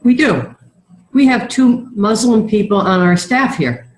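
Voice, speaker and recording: A woman's voice: mid-range voice, lively intonation, measured pace. Nasal-voiced woman on an echoey video call. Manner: earnest, warm-hearted, with many ums and restarts. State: nasal from a sinus infection. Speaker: guest speaker, refugee services worker. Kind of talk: informal talk over video call. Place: office.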